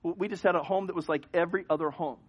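A man preaching a sermon as pastor, telling a story with animated swings from hushed to loud. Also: sits high, racing, husky, lo-fi sound. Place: church sanctuary.

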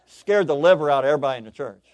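Man preaching animated story sermon, dry. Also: fairly high pitch, racing, dry recording. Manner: animated, excitable preaching with frequent repetition. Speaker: pastor.

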